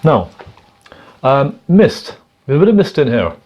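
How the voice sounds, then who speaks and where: A man gently demonstrating a painting technique step by step, chatting and checking in with the viewer as he works. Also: mid-range voice, sing-song, a little slow, lo-fi sound. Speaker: painting instructor.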